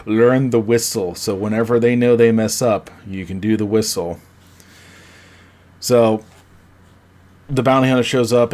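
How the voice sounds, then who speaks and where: Low-voiced man casually recapping a movie. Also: darkish tone. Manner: rambling, acts out quotes with filler words and self-corrections. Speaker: podcast host.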